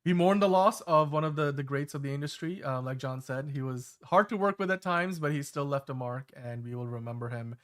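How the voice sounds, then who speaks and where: A man's voice: fairly high pitch, a little fast, hardly any pauses. A man in his thirties hosting a casual podcast chat, talking in a rambling way with many fillers and restarts. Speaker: show host.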